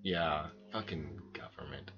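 A man's voice: extremely low pitch, measured pace, gravelly, slightly rough, lo-fi sound. A man hosting a casual podcast, joking around and often stumbling and restarting his sentences. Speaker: podcast host.

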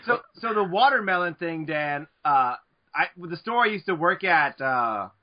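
An American man co-hosting a casual chat, telling an animated story. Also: a little high, normal speed, highs cut off.

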